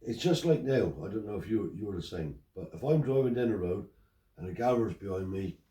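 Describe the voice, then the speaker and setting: An older Romany Traveller, interviewed in a casual chat, tells stories and acts out the dialogue with animation. His lowish voice moves fairly quickly, and the recording is roomy, captured from a distance.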